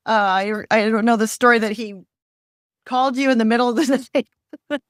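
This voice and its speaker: A woman's voice: on the high side, normal speed, no echo, studio quality. A woman hosting an interview, chatting casually and encouraging her guest's stories. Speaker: podcast host.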